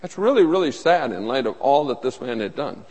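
A man's voice: mid-range voice, big pitch swings, fairly quick, darkish tone. A man preaching a sermon as pastor, earnest and emphatic, often repeating his phrases. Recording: long reverb of a large hall.

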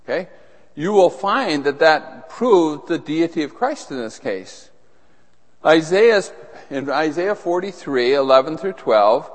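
A middle-aged male pastor teaches through a sermon, often stopping to put questions to the congregation. His voice sits a little high for a man. The sound carries the long reverb of a large hall. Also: expressive, takes it slowly. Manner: teaching, asks the audience questions.

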